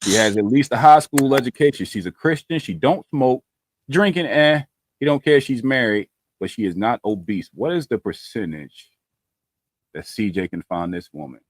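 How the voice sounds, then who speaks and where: In a casual video-call group chat, a podcast host runs a playful dating quiz with friends, teasing them and using loose slang. His mid-range voice has lively intonation at normal speed, with no room sound.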